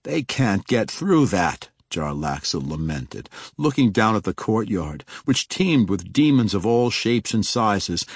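A man narrating a fantasy audiobook in a measured, steady reading, recorded in a studio booth. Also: lowish voice, dry recording.

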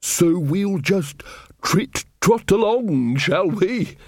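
A man voicing a giddy, scatterbrained male wizard bursar in an audiobook, babbling in a drawn-out way. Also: medium pitch, animated, no echo, studio quality.

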